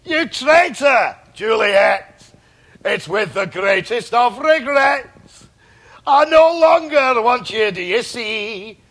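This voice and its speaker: Man putting on a Scottish ballad singer, mock-anguished, loud, high, drawn-out. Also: lively intonation, heavily acted. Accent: put-on Scottish. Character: heartbroken man singing a dramatic ballad in a put-on Scottish accent.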